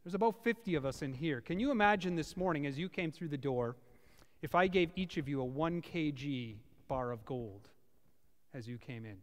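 A male pastor preaching a sermon to a small congregation in a church, with a dramatic delivery that swings from loud to hushed. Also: fairly high pitch, animated, normal speed. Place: church, before about fifty people. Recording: reverberant church hall.

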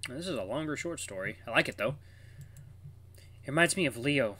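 A man's voice: medium pitch, expressive, fairly quick, sharp tone, a little hiss or hum. A man reading a visual novel aloud in a casual way, with asides to his viewers. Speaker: game streamer.

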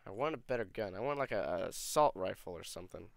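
A man's voice: fairly low pitch, animated, quick pace, gravelly. A man giving casual gameplay commentary, swearing often and grumbling in frustration. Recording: game audio noise behind.

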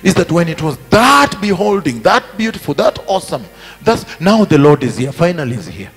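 A man preaching a sermon at a conference, repeating his phrases emphatically and building to shouted peaks. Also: a little high, sing-song, a little fast, slightly rough. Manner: emphatic and repetitive, rising to shouted climaxes. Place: large conference hall. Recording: reverberant hall with faint music.

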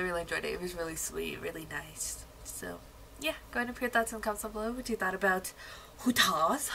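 A woman's voice: medium pitch, bright, forceful tone, low-quality recording. A young woman hosting a music video reaction, chatty and gushing as she comments. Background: faint music.

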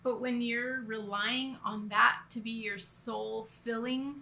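A woman's voice: fairly high pitch, fairly even intonation, measured pace, gravelly, pushed and bright. A woman giving a casual, earnest church talk, rambling with restarts and laughing at herself now and then. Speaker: church co-leader. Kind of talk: conversational church teaching.

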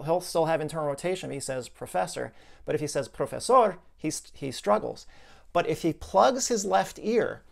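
A man explaining a client's case in a conversational video lesson, thinking aloud with asides and restarts. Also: a little high.

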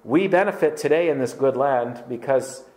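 A man's voice: medium pitch, moderate pace, darkish tone. A man preaching a sermon as pastor, emphatic and conversational, firing rhetorical questions at his congregation. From Canada. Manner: conversational with filler words.

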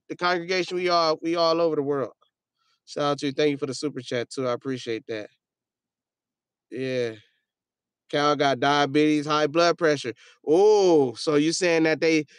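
A man chats loosely on his livestream, joking and cursing as he reacts to viewer comments. His voice sits a little high for a man, and the close mic keeps it dry with no room sound. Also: fairly even intonation, normal speed, smooth, no room sound. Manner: loose, joking, profane, trails off into mumbling. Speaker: livestream host. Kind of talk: casual livestream chat reading viewer comments.

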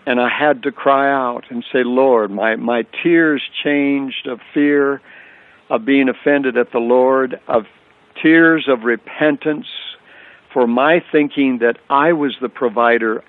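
A man's voice: mid-range voice, steady tone, measured pace, dry recording. An older man giving an earnest personal faith testimony as a radio guest, telling his story with repeated phrases. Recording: tinny phone line on radio.

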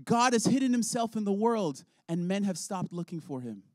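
A man voicing a gentle, caring old rabbi who speaks in a soft, fatherly way. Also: high voice, big pitch swings, moderate pace, dry recording, clean studio sound, voice pushed up. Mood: sorrowful.

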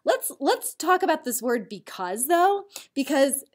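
A woman teaching a recorded spelling lesson for young children, her voice sitting a little high and swinging lively up and down. She is patient and clear, stretching words out slowly so listeners can clap each syllable with her.

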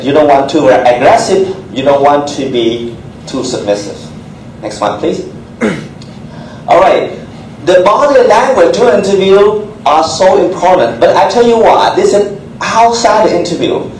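A man coaches students through interview skills in clipped, instructive phrases, his voice sitting a little high. He is picked up from across an echoey lecture room, with faint ambient noise underneath. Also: a little mellow. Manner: short instructive phrases, asks for the next slide. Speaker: doctor giving a talk to students. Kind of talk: interview-skills seminar talk. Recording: roomy echo, distant mic, faint ambience.

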